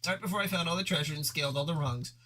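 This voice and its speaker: A man's voice: a little high, very fast, sharp tone. A man voicing a smug, boastful young female troll in a fan audio reading. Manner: smug, dismissive.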